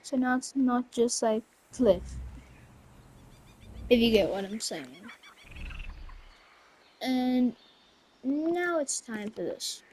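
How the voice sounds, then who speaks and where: A woman's voice: fairly high pitch, expressive, takes it slowly, pauses often, a little mellow, slight background noise. A woman commenting on her own gameplay in a chatty way, with self-mocking asides. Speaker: gamer. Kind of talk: let's play commentary. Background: faint game music.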